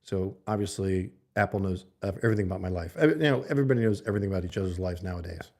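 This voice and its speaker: A man's voice: low-pitched, rapid-fire, a little mellow. A man hosting a livestream, chatting loosely with viewers and reading their comments aloud. He speaks close to a desk mic in a home streaming setup. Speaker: livestream host. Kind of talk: casual livestream chat with viewers. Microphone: desk mic held close to the mouth.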